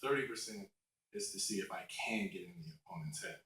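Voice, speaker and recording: A man in a documentary interview, animated as he tells stories and mimics his own trash talk. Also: lowish voice, quick pace, distant mic, slight background noise. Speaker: former basketball player, interviewee. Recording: roomy, off-mic, faint music.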